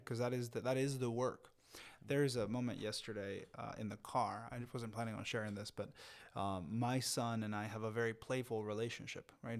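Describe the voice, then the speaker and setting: A middle-aged man co-hosting a podcast, telling a personal story reflectively and dropping into hushed, calm tones. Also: mid-range voice. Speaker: podcast co-host. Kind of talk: casual conversation.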